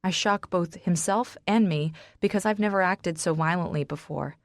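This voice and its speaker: A woman narrating an audiobook in the first person, reading dramatically and with strong emotion, pushing into shouts in the dialogue. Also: fairly low pitch, normal speed, no room sound, clean studio sound.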